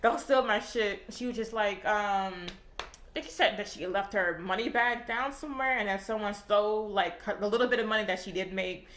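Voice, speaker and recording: Young woman, casual storytime, rambling, swears a lot, mid-pitched voice, echoey room. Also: a little fast, a bit bright. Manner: rambling, heavy swearing, filler-laden. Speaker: vlogger.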